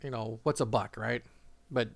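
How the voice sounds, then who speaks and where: A man's voice: mid-range voice, fairly even intonation, moderate pace, vocal fry, no echo. A man casually telling a travel story, rambling with frequent fillers, restarts and laughter.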